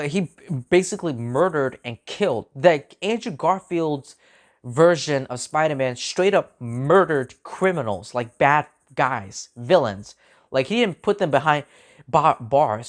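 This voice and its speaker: Rant-style reviewer, male, worked up, circles back on his own questions, halting restarts. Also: a little high. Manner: agitated, repeats himself, frequent restarts. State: angry. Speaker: movie reviewer. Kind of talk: ranting film review.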